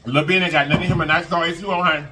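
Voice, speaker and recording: A man with a fairly high pitch talks rapid-fire while hosting his eating show, chatting casually to viewers. Lots of humming comes through as he eats, wrapped in animated, sing-song hype.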